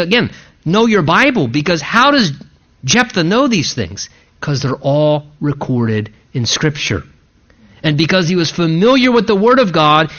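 A man's voice: sits high, pushed and bright. A man preaching an expository sermon, working verse by verse and breaking into conversational asides. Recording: dull lo-fi recording.

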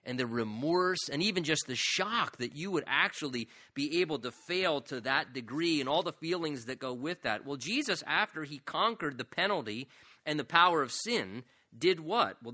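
A man's voice: lively intonation, moderate pace, pushed and bright. A man preaching a sermon, emphatic and storytelling, acting out quoted lines. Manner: emphatic, acts out quoted lines with rising pitch. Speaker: pastor.

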